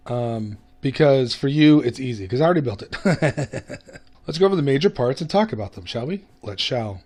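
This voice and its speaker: A man's voice: medium pitch, darkish tone. Chatty man narrating his gameplay. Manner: chatty, self-mocking, hums and laughs to himself. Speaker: gaming video host. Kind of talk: casual gameplay commentary.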